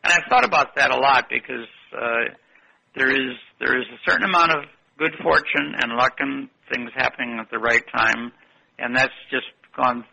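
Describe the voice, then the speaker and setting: Gravelly older man telling stories. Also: mid-range voice, moderate pace, bright, forceful tone, poor audio. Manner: rambling, anecdotal, self-correcting. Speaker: guest. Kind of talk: interview storytelling.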